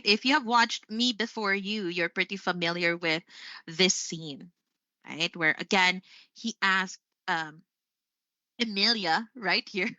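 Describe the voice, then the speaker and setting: A woman's voice: mid-range voice, pushed and bright, no echo, highs cut off. A woman with a Filipino accent teaching a live online English lesson, chatty and upbeat, often saying "there you go.".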